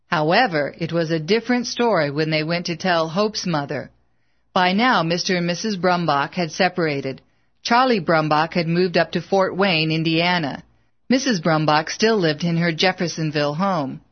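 A woman reading a life story aloud in measured, scripted audiobook narration. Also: lowish voice, dull audio.

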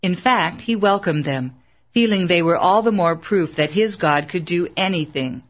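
Audiobook narrator, even measured reading, medium pitch, slightly muffled lo-fi sound. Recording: slightly dull lo-fi recording.

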